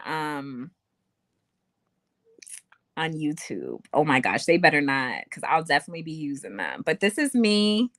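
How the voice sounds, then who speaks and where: A woman's voice: low voice, fairly bright tone, dry recording. A young woman hosting a casual livestream from home, chatting and reading viewer comments aloud. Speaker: livestream host. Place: home room. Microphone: webcam or phone mic.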